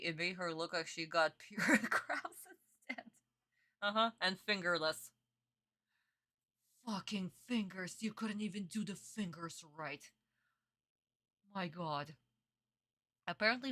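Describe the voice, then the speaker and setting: A young woman reacts to a dubbed cartoon on a stream in casual, exasperated chat with plenty of swearing and laughter. Her voice is bright and forceful, at a middle pitch for a woman. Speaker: streamer reacting to an anime dub.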